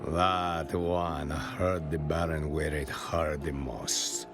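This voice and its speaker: A grizzled old soldier. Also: male voice, rumbling low, fairly even intonation. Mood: grim. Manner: gruff, measured war storytelling. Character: grizzled male soldier veteran, proud and loyal. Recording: game audio under music.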